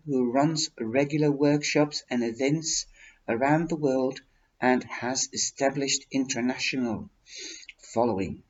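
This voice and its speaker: A man reviewing a tarot deck in a heartfelt, casual way, talking emotionally and haltingly with many restarts. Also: medium pitch. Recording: dull lo-fi recording.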